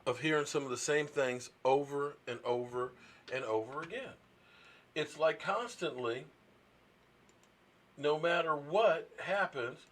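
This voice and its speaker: Animated man ranting about football. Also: fairly high pitch. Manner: animated, indignant, rambling with restarts. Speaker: sports talk host. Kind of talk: casual sports rant.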